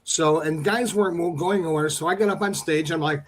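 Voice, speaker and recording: A male host with a notably high voice tells a comic story about himself. He talks in a playful, joking way and plays the story up for laughs. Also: a little fast, few pauses, slight background noise. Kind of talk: casual storytelling.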